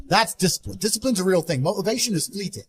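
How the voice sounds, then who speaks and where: Fast-talking blunt man. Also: high voice. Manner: blunt, forceful, emphatic. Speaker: interviewee. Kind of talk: motivational interview talk.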